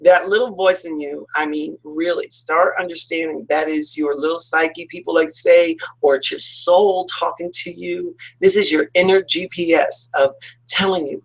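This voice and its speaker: A man's voice: on the high side, fairly even intonation, normal speed, gravelly, rough recording. A man, a talk radio host, giving a chatty motivational self-help talk with lots of fillers and acted-out reactions. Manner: chatty, acts out quoted reactions, many fillers.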